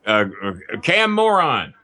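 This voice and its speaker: A man's voice: fairly high pitch, very animated, takes it slowly, sharp tone, no room sound. A man, telling crude, self-mocking stories as a podcast guest. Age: 50s. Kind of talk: casual storytelling. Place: not at a desk microphone.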